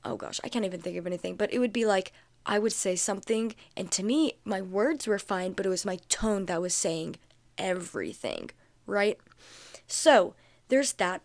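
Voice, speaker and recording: Young woman podcaster with vocal fry. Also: mid-range voice. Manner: chatty, filler-heavy, repeats points for emphasis. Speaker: podcast host. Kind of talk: casual solo podcast talk.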